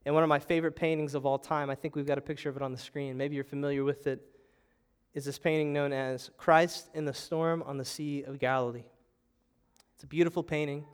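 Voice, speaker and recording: A man's voice: on the high side, level tone, fairly quick, smooth. A young adult man preaching a sermon as pastor, telling the story with animation and acting out panicked voices. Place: church sanctuary.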